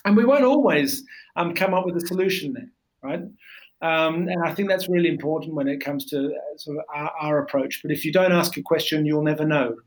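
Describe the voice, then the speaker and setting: A man's voice: a little high, fairly quick, poor audio. Man from Australia, hesitant guest. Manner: hesitant, many fillers and restarts. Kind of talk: casual interview chat.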